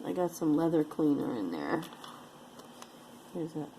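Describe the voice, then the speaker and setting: A woman's voice: sits low, big pitch swings, a little slow, gravelly, dark tone, slight background noise, poor audio. A woman casually showing and describing jewelry pieces one by one, with playful sing-song asides. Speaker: jewelry unboxing vlogger. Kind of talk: casual show-and-tell commentary.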